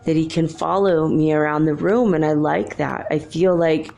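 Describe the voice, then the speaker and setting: A woman hosting a talk show, telling a story casually, chatty and laughing often as she quotes people in lively voices. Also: low voice, moderate pace, gravelly, faint music behind. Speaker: podcast host.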